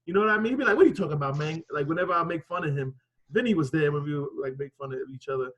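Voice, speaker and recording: A man gives a classmate casual, rambling feedback peppered with swearing. His voice sits high for a man. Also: very fast, fairly bright tone, low-quality recording. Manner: loose, rambling, profane. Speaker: wrestling student. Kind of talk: casual critique.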